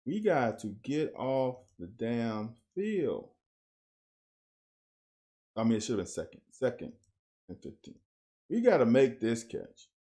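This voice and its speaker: A man with a drawl talks through game film like a coach in the room, blunt and plain-spoken. His voice sits at an everyday middle pitch. He grows animated when a play turns. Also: takes it slowly, long pauses. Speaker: host breaking down game film. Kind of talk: casual football film commentary.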